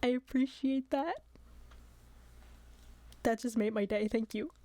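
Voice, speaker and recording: A woman's voice: on the high side, takes it slowly, mellow, no room sound. Woman streamer, casual chat, laughs often, dry close sound. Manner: giggly, apologetic, chatty.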